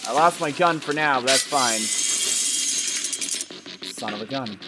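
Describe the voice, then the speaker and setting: Excitable man narrating his gameplay. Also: mid-range voice, unhurried, pauses often, music in the background. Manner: excitable, muttering to himself, counting taps. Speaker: gameplay commentator. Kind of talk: let's play commentary.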